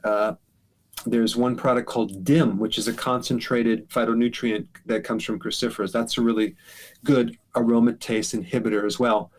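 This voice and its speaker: Casting: middle-aged male host, mid-pitched voice, easygoing and explanatory, takes callers' questions live. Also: normal speed. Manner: relaxed, explanatory, filler-heavy. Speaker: health show host answering callers. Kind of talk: casual live Q&A advice.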